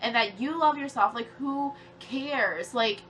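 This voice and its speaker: Young woman, twenties, nasal, tearful, swearing vlog rant, bright slightly high voice, faint background hiss. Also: measured pace. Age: 20s. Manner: heated, swearing, rambling with many "like"s. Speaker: vlogger. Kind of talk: emotional rant to camera.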